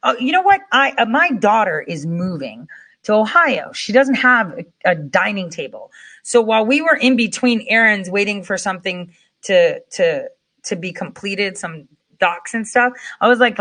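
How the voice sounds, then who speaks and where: A middle-aged woman hosting a podcast, talking in a casual, rambling monologue with fillers and mild swearing, her voice swinging up and down in pitch and loudness. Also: sing-song, normal speed.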